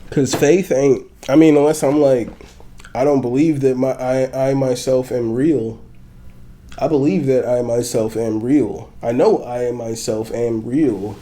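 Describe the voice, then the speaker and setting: A man's voice: medium pitch, fairly even intonation, measured pace, dark tone. A young man hosting a podcast on his own, rambling and swearing, breaking into laughter often. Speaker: podcast host. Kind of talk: solo podcast rant.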